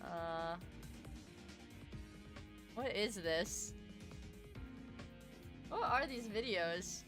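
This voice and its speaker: A young adult woman streamer chatting casually while reacting to videos, playful and loud, swearing and often shouting. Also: medium pitch, lively intonation, extremely slow, music in the background.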